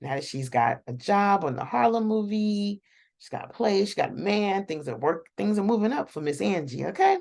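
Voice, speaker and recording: A woman's voice: mid-range voice, big pitch swings, moderate pace, creaky, a little mellow. A woman hosting a casual, rambling reaction recap of a TV episode, chatting to viewers and laughing often. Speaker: show reaction host.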